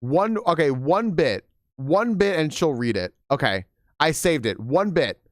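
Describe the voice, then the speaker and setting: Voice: medium pitch, very animated, measured pace, dry recording, studio quality. A young adult live streamer chatting casually with viewers, giggling often, swearing freely and rambling through restarts.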